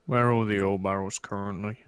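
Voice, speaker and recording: A man's voice: on the low side, fairly even intonation, a little fast, smooth, no echo. A man playing a factory game with a friend, easygoing and a bit hesitant, also wrapping up the episode. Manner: easygoing, mildly hesitant with fillers. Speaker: co-host gamer. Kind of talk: casual multiplayer game chat and outro.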